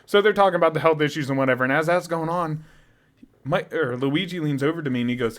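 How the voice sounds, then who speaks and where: A man's voice: a little high, fast. A young man co-hosting a podcast, telling a story in casual chat, laughing often and swearing freely. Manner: animated, swearing, laughs often, loud when imitating a drunk fan. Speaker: podcast co-host.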